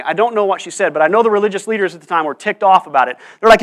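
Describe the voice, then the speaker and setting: A pastor giving a conversational sermon in church, often restarting and repeating words. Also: male voice, sits high, rapid-fire, few pauses, a bit bright.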